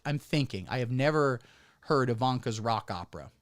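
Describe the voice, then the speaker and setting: A man streaming sarcastic commentary, swinging between deadpan mutters and sudden squeaky outbursts. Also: moderate pace, soft background music. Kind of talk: satirical livestream commentary.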